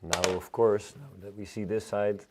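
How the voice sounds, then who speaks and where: A Dutch man, a hoarse and unwell floristry teacher, chatting casually while hosting a live arranging demonstration. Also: on the low side, moderate pace, noisy background. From Netherlands. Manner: relaxed, chatty, many fillers.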